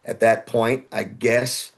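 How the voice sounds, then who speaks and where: A man's voice: mid-range voice, flat delivery, slow pace, breathy edge. A man, telling rambling stories as a podcast guest and sometimes acting out other people's voices. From Houston, Texas. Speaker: guest musician. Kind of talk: casual interview storytelling.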